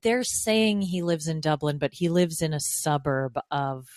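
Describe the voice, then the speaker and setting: A woman's voice: sits low, expressive, unhurried, a little mellow, dry recording, studio quality. A woman co-hosting a casual recap chat, candid and opinionated, laughing easily. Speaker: podcast co-host.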